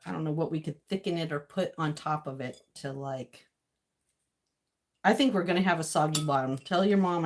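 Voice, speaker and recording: A deep-voiced woman speaks at a moderate pace as she cooks in her home kitchen. Amid clinking dishes and cutlery, this vlogger rambles casually to herself and her audience, often breaking into laughter.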